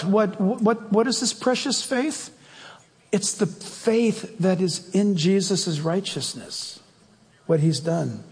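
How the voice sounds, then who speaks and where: A man's voice: high-pitched, darkish tone, long reverb tail. A male preacher giving an emphatic, conversational sermon and asking the congregation direct questions.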